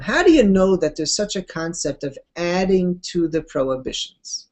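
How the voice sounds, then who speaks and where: During a Torah class, a woman teacher unfolds stories in a leisurely, talk-like style. Expressive ups and downs in pitch and casual asides color her lecture.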